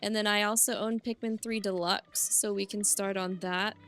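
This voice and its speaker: A young woman streaming a game live, commenting in an excitable way, often yelling, swearing and laughing at the screen. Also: mid-range voice, moderate pace. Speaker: VTuber streamer.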